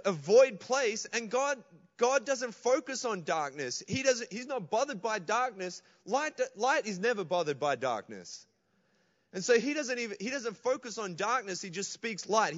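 A man's voice: sits high, fairly bright tone, long reverb tail, highs cut off. A man preaching a sermon as pastor, calling out to the congregation. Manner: preaching with call-outs to the congregation. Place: church.

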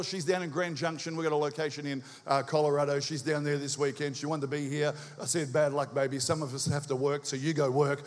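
A high-voiced Australian man preaching a sermon, quick and energetic as he rouses the congregation. His voice rings out with a long reverb from the church around him. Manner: energetic, rousing call-and-response with the crowd; talks quickly. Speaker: visiting preacher.

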